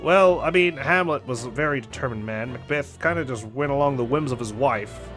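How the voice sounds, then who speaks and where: A man's voice: medium pitch, brisk, a bit bright. A man casually commenting while he plays a game, chatty and self-deprecating. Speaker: let's play host. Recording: game music behind voice.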